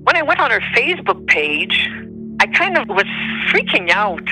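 A woman's voice: mid-range voice, moderate pace, soft background music, poor audio. A woman from Montreal, a native French speaker with a Quebec French accent, telling a personal story with emotion. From Montreal, Canada. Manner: emotional, animated, voice rising on quoted speech. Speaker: storyteller guest.

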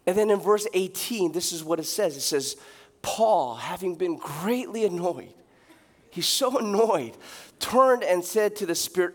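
A young adult man preaches from the pulpit with a notably high voice. He tells stories with lively, animated delivery and joking asides, sometimes mimicking a loud street preacher. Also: measured pace. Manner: animated, acts out shouting street preachers with big pitch jumps; joking, laughs at his own asides. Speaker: pastor. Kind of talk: sermon.

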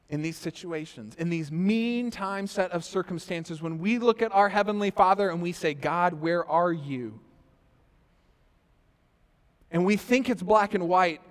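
Male pastor, 30s, high voice, storytelling sermon, big echoing hall. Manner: storytelling with quoted asides, rising and falling loudness. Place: church sanctuary. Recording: reverberant church hall.

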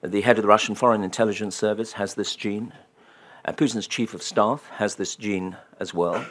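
A man giving a public lecture, with dry humor and ironic asides. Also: lowish voice.

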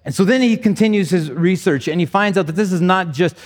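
Man, pastor, sermon, chatty and repetitive, slightly high voice, long hall reverb. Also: fairly quick. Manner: conversational, repeats words as he talks.

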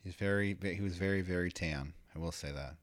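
A man's voice: deep voice, fairly quick, no echo, studio quality. A man co-hosting a podcast, chatting casually with jokey asides and offhand swearing. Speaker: podcast co-host. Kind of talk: casual chat.

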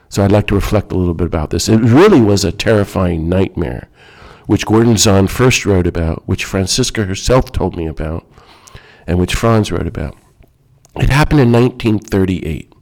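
A man's voice: fairly low pitch, darkish tone. A man giving a reflective talk in an earnest, emphatic way.

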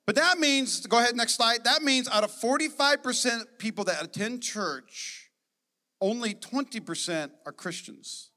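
A man with a high, bright, forceful voice preaches with energy and emphasis, throwing in joking asides to his congregation. His sermon rings out with a long reverb from the church sanctuary. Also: a little slow. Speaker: pastor.

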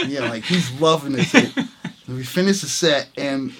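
A man who plays trumpet, telling a story in a relaxed interview, talking in animated bursts with many restarts and acted-out quotes. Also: medium pitch, normal speed, very noisy. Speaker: guest musician, trumpet player. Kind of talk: storytelling in a conversation.

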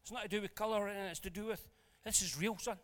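High-voiced pastor in a reverberant hall. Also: male voice, racing. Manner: animated, jokey storyteller who swings between loud and hushed. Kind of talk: storytelling sermon. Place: church hall. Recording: long reverb of a church hall.

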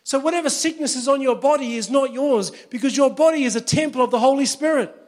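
High-voiced pastor preaching. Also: male voice, quick pace. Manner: conversational, storytelling with humor. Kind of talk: sermon.

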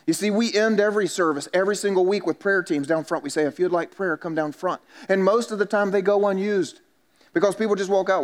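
A man's voice: sits high, fairly quick. A man, a pastor preaching a sermon in a church and telling stories with self-mocking humor. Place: church sanctuary.

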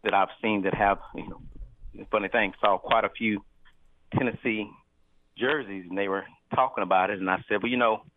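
A man calling in to a sports talk show, nasal from sinus trouble, rambling with halting restarts. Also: fairly low pitch, steady tone, no room sound. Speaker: caller. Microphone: phone. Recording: tinny phone line.

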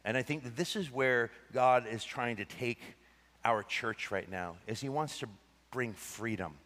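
A male pastor preaching a sermon, swinging between excited bursts and hushed, tender passages. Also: mid-range voice, a little slow, long reverb tail.

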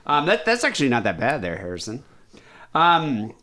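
A man's voice: medium pitch, huge pitch swings, moderate pace, bright, forceful tone. A man hosting a podcast in casual chat, rambling and self-deprecating, with a somewhat nasal voice. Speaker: podcast host.

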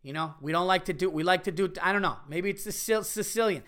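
A middle-aged man hosting a casual comedy podcast, ranting profanely and excitably as he reads listener emails. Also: sits high, fast. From Italian-American heritage.

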